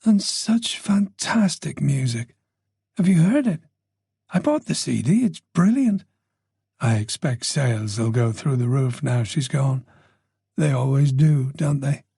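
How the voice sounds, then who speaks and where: A man's voice: medium pitch, expressive, a little slow, creaky, warm tone, husky, dry recording, clean studio sound, heavily acted. Man voicing a gossipy Dublin-born older woman. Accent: faint Dublin Irish. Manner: gossipy, nosy, playful.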